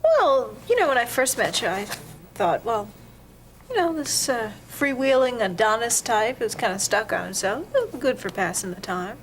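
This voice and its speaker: Flirty spoiled patient, teasing, higher voice, bouncy intonation. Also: female voice, very animated, moderate pace, a little hiss or hum, rough recording. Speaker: patient in physical therapy. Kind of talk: daytime TV drama acting.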